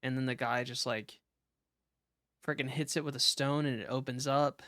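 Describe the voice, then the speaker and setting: A man's voice: medium pitch, steady tone, normal speed, sharp tone, no room sound. Rambling young male streamer, dry sound. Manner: casual, rambling, frequent fillers and restarts. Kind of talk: live game stream commentary.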